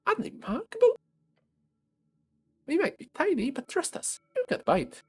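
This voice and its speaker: A man voicing a tiny, friendly ant that speaks as a hive mind, in a squeaky upbeat voice. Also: huge pitch swings, measured pace, dry recording, exaggerated voice. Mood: chipper.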